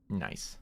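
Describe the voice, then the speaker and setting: A man from Canada chatting casually while streaming a game, rambling, swearing now and then, and cooing at his cats. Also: fairly bright tone. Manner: coos at cats in a high voice. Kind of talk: casual gaming livestream chat.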